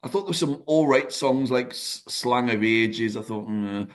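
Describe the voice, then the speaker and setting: A man co-hosting a casual music podcast, speaking hesitantly with lots of fillers and restarts. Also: mid-range voice. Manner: hesitant, halting with many fillers. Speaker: podcast co-host. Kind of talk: casual music review chat.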